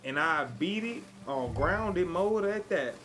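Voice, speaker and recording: A man's voice: high voice, lively intonation, slow pace. A man from Chicago live-streaming a game and chatting with viewers in a playful put-on Southern cowboy drawl. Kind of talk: live gameplay stream chat.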